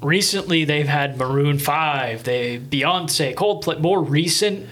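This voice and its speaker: A young man co-hosting a casual podcast, his voice sitting a touch high. He talks with easy enthusiasm, circling back and restarting his sentences as he goes. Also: slow pace, fairly bright tone. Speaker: podcast co-host. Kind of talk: casual chat.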